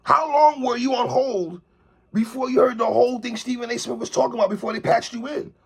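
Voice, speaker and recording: A man delivering an animated opinion commentary monologue, calling out a TV host and repeatedly tacking on "sister, respectfully.". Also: very high-pitched, fairly quick, husky. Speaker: commentary vlogger.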